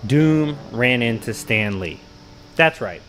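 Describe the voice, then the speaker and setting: A man hosting a casual reaction video, telling comic-book stories in animated, slangy talk and laughing at his own anecdotes. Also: mid-range voice, slow, slight background noise, poor audio. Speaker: host.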